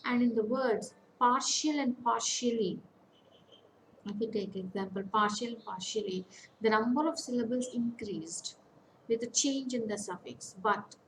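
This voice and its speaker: A woman with an Indian English accent teaches an online lecture. She talks in a methodical way and repeats each example word slowly before she explains it. A faint hiss of noise sits under her voice. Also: fairly high pitch, low-quality recording. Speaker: academic counsellor teaching English.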